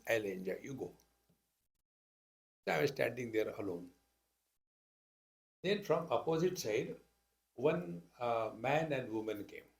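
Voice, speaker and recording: A man with an Indian accent giving a spiritual discourse, telling stories and acting out the dialogue with wry humor. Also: mid-range voice. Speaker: spiritual teacher. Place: talk to a live audience.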